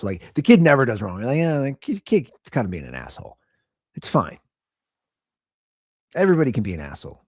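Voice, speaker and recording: A man's voice: lowish voice, darkish tone, no room sound, studio quality. A man in his thirties hosting a podcast, ranting sarcastically in a comedic solo riff. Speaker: podcast host.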